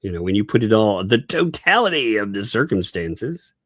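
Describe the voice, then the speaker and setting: A man's voice: on the low side, big pitch swings, moderate pace, fairly bright tone, no echo, studio quality. A man with a Southern US accent hosting a casual livestream, laughing often and reading viewer messages aloud. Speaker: livestream host.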